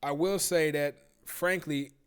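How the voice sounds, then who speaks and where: Man, livestream host, profane, incredulous rant, higher-pitched voice. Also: fairly even intonation, slow, a bit bright, smooth. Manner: profane, incredulous, ranting with disbelief. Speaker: livestream talk show host. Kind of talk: casual live-stream rant.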